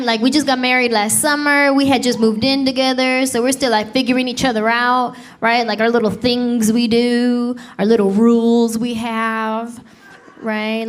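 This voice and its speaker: A young woman telling a chatty story in stand-up comedy. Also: fairly high pitch.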